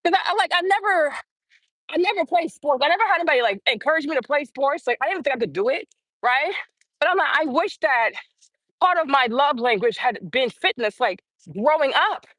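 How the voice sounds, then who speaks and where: A woman in her forties with a high voice talks straight to her phone on a casual live stream. She is blunt and animated, and she hammers her points home by saying them twice. The sound is close and dry, with no room around it. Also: a little fast, no room sound. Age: 40s. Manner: blunt, animated, repeats phrases for emphasis.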